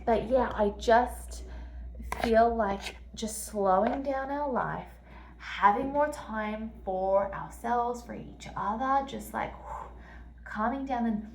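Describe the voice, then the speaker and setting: A woman's voice: on the high side, slow pace, far from the mic, slight background noise. Chatty Australian woman, echoey, off-mic. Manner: chatty, reflective, many fillers. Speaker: vlogger. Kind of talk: casual travel vlog. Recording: roomy, off-mic, light ambience.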